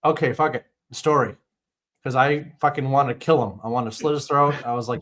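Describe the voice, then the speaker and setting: A man's voice: medium pitch, fairly quick. A man co-hosting a casual sports podcast, ranting and swearing as he tells his stories. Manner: profane, ranting, animated storytelling. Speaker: podcast co-host.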